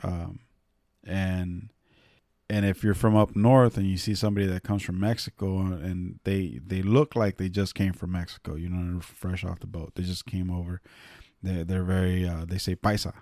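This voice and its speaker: A man's voice: low-pitched, flat delivery, moderate pace, darkish tone, no room sound, clean studio sound. A man from Northern California telling a casual, rambling story, swearing freely and using many fillers.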